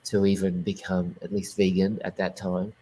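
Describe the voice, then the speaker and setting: A man with a fairly low voice tells his story as an interview guest. He talks earnestly and rambles, often restarting his sentences mid-thought. It sounds like relaxed, casual conversation. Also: normal speed, breathy edge, rough recording. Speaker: guest psychic medium.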